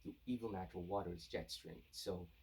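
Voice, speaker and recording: Man reading as a calm, dutiful hero. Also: sits low, a little fast, creaky, slightly rough, heavily acted. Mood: steady. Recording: voice distant from the mic.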